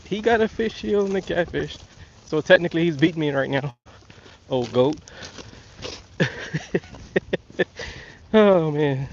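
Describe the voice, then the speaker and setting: A man's voice: a little high, a little slow, vocal fry, pauses often, lo-fi sound, a little hiss or hum. A man hosting a casual fishing livestream outdoors, with a laid-back, drawling way of talking. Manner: laid-back, drawling, shouts to his father. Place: outdoors by a lake bank.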